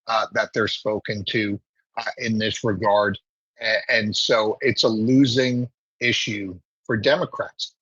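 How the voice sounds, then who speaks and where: Guy commentator, husky voice, keeps it emphatic, dull dry mic. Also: on the low side, no room sound. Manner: emphatic, steady and opinionated. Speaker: political commentator guest. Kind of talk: political talk show commentary.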